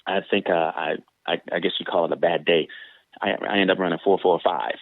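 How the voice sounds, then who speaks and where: A man's voice: fairly quick, gravelly, phone-quality sound. A former sprinter telling stories casually in an interview, acting out the people he quotes. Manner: animated, acts out quoted voices with big pitch jumps.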